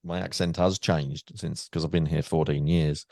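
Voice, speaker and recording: A man's voice: extremely low pitch, steady tone, normal speed, gravelly, dark tone, no echo. An English man hosting a podcast, chatting casually and laughing with his guest. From England. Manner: chatty, laughing, restarts often. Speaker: podcast host. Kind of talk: casual interview chat.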